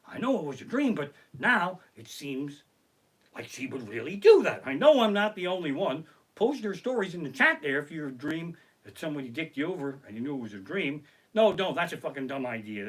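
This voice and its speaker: A middle-aged man does comic storytelling on a home live stream, swearing freely and acting out his tales. His voice sits a little high and sounds bright and forward. His pitch leaps around expressively. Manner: profane, animated storytelling. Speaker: comedian. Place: home living room. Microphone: basic home streaming setup.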